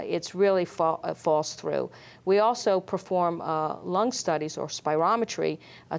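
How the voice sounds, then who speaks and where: A middle-aged woman, a lung doctor, explaining screening in an interview, measured and full of fillers. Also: on the low side, gravelly. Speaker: pulmonologist guest. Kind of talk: medical interview.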